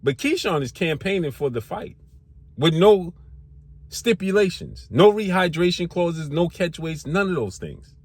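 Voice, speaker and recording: A man's voice: a little high, lively intonation, unhurried, slightly rough, dry recording. A man hosting a sports channel, firing off rhetorical questions in a heated, slangy boxing commentary rant. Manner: slangy casual speech.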